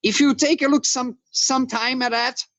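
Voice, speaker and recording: A man from Brazil with a Brazilian Portuguese accent, a guest blacksmith chatting casually over a call, halting as he searches for words in a language that is not his first. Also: extremely high pitch, fairly even intonation, a bit bright, no room sound. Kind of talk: casual video call chat. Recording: muffled call audio.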